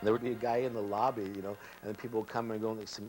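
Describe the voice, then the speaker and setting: A male comedian in an interview, recalling stories in a relaxed way, chuckling and acting out voices. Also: on the low side, racing, faint music behind, poor audio. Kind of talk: casual anecdotal interview.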